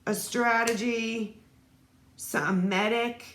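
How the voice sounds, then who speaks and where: A woman's voice: a little high, steady tone, takes it slowly, fairly bright tone. A woman giving a solo tarot reading, reading card phrases aloud and adding casual asides. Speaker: tarot reader. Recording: echoey room, faint noise.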